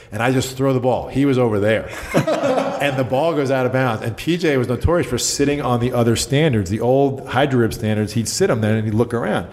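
A middle-aged man, a basketball coach, telling stories in casual chat and acting out the people he quotes. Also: mid-range voice. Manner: animated storyteller, acts out quotes.

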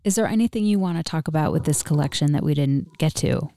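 A woman with a slightly low voice works as the interviewer, putting casual questions to her guest. Her manner is relaxed and conversational. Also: quick pace.

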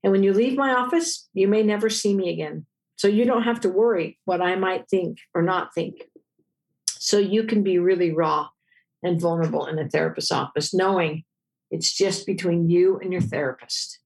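A middle-aged woman, a therapist, answering interview questions and telling stories with lively acted-out dialogue. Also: moderate pace, creaky. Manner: expressive storyteller, acts out dialogue with big pitch jumps.

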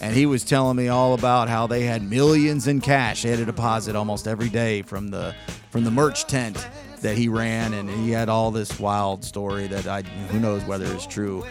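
A man's voice: lowish voice, fairly even intonation, moderate pace, over music. A man hosting a radio show, telling a long casual story in a rambling, laid-back way with lots of fillers.

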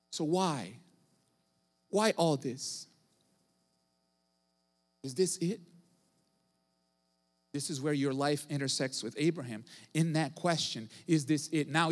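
A male pastor preaching a sermon, emphatic, repeating phrases and building to loud bursts. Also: a little high. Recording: long hall reverb.

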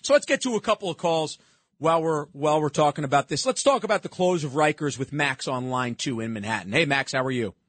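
A man's voice: fairly high pitch, expressive, quick pace, a bit bright, no echo. A man hosting political talk radio, sarcastic and emphatic as he rants and takes callers. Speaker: radio talk show host.

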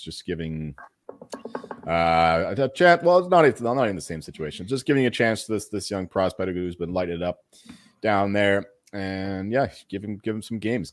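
Male podcast co-host, very low voice, rambling and hesitant delivery, dry sound. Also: no echo. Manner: rambling, hesitant, many fillers and restarts. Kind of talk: casual sports betting podcast chat.

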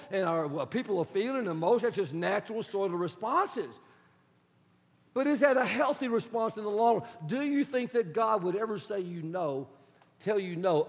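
A man preaching a sermon as a pastor, animated and acting out the dialogue he retells. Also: high-pitched, big-room sound. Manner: animated, acts out quoted dialogue.

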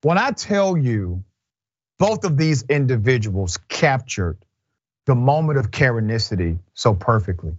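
A man hosting a news commentary show, talking in an animated, emphatic and wry way. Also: medium pitch, unhurried, no room sound, highs cut off. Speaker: show host. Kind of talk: casual commentary.

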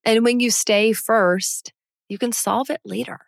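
A woman's voice: fairly high pitch, steady tone, measured pace, gravelly, dry recording, studio quality. A woman co-hosting a podcast, speaking in a reflective, reassuring way. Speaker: podcast co-host. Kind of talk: casual podcast conversation and outro.

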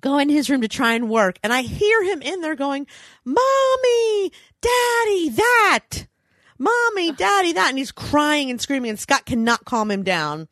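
A woman in her thirties telling an animated story in casual chat, laughing often and swearing freely. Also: high voice, normal speed, hardly any pauses, dry recording. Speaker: storyteller, mother.

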